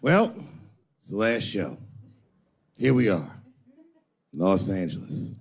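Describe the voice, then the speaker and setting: A man's voice: sits low, very animated, slow, gravelly, slightly rough. A middle-aged man doing a sardonic stand-up routine on a live comedy stage. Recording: live show with audience noise.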